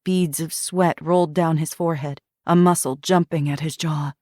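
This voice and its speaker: A woman narrating a thriller audiobook in an even, measured reading. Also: low voice, dry recording, studio quality.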